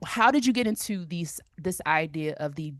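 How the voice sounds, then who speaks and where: Low-voiced woman host, dry sound. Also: animated, a bit bright, dry recording. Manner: supportive, halting questions with restarts. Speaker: interviewer host. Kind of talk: conversational interview.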